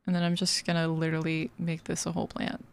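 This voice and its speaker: A woman's voice: fairly low pitch, monotone, quick pace, vocal fry, clean tone. A woman streamer chatting casually while building in a game, giggly and full of fillers. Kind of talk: casual gaming stream chat.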